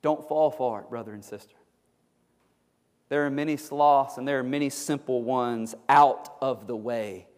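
A man's voice: medium pitch, a little slow. A male pastor preaching a fervent, exhorting sermon, often repeating his words as he presses a point. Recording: long hall reverb.

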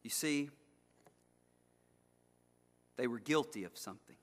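A man's voice: medium pitch, expressive, slow pace. A man preaching an expository sermon as pastor, with an emphatic, repetitive cadence. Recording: long hall reverb.

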